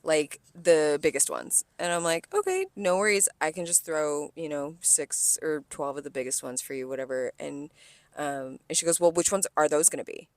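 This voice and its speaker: A woman's voice: sits low, normal speed, no echo. A woman co-hosting a podcast, telling a story about a rude restaurant customer in casual chat, swearing a lot and acting out the quotes. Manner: animated, profane venting with acted-out quotes. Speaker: podcast co-host, server.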